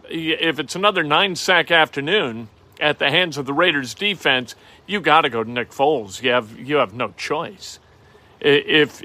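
A middle-aged man hosting a casual, opinionated sports talk show, animated and wry. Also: a little high, no room sound. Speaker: sports podcast host.

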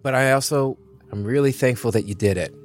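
A man's voice: mid-range voice, a little fast, faint music behind, close to an everyday voice. A man voicing a flustered young male kid who stammers and trips over his words. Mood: apologetic. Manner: stammering, nervous.

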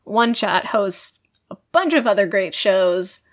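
A woman's voice: medium pitch, lively intonation, slow pace. A woman co-hosting a podcast in casual chat, talking in a chatty way with lots of "like" fillers. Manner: chatty, frequent "like" fillers and laughs. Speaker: podcast co-host.

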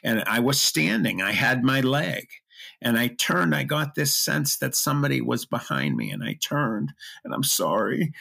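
A middle-aged man telling a personal story as an interview guest, earnest and emotional, with halting restarts. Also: medium pitch, sing-song, creaky, pushed and bright.

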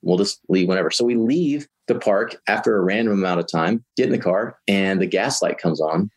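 A man's voice: low voice, a little fast, noisy background. A man from Georgia, a talkative guest telling a long story in an interview. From Georgia, USA. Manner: chatty, lively storyteller.

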